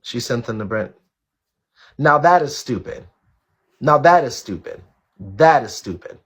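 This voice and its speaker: A man with a husky, slightly rough voice at an ordinary middle pitch, hosting a casual live stream. He talks bluntly to his viewers, swears freely and hammers his points home by repeating them. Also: lively intonation, measured pace, muffled recording. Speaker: live-stream show host.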